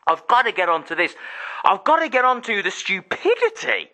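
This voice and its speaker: A man's voice: high voice, very animated, moderate pace, bright, forceful tone. An angry young English man ranting and swearing on his solo gaming podcast.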